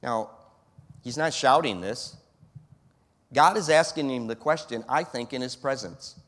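A man preaching a sermon in an animated style, who fires off rhetorical questions and acts out scenes. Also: mid-range voice, measured pace, long pauses. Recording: long hall reverb.

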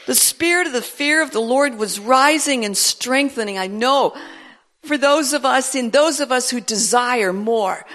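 High-voiced woman preaching a sermon. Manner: animated, rising to emphatic declarations. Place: church service.

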